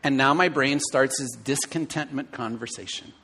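A middle-aged man preaching a sermon to his church, telling stories with animated, acted-out inner dialogue. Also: medium pitch, fast, hardly any pauses. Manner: animated storytelling, acting out his own inner voice. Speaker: pastor.

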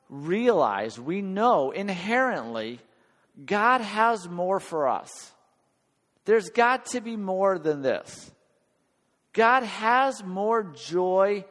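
An earnest, conversational male preacher who talks slowly and pauses to check in with his congregation. His voice sits a little high for a man, and a long hall reverb trails after his words. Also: fairly bright tone. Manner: earnest, conversational, questions the audience. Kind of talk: sermon.

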